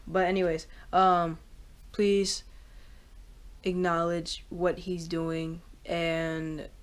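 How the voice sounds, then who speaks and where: A woman vlogging casually, rambling with many fillers and getting excitable. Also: on the low side, drawn-out words. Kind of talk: casual reaction vlog.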